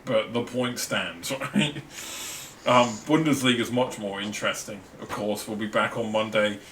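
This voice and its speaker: Australian man, podcast co-host, casual ranting chat, lowish voice, distant mic, faint hum behind. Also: fairly even intonation, moderate pace, fairly bright tone. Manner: chatty, ranting, yawning, laughs often.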